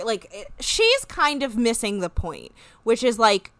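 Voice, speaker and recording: A woman in casual chat, recapping a reality show with animated retellings and free swearing. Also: on the high side, measured pace, no room sound. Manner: animated, swears freely, acts out quoted lines. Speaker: podcast co-host.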